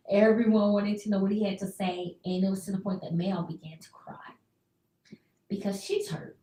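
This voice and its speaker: A woman radio host giving a chatty, expressive recap that she acts out with quick bits of dialogue. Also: medium pitch, roomy sound, recorded from a distance, low-quality recording.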